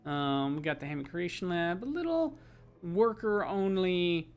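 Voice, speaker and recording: A man's voice: sits high, animated, a little slow, clear, resonant tone, faint music behind. A man chatting casually to his stream audience as he plays a game, rambling with lots of fillers.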